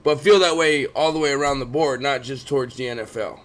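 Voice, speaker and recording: A man in his thirties co-hosting a casual sports chat, talking fast and swearing often. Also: mid-range voice. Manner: profane, animated, keeps complaining he yawns. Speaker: podcast co-host.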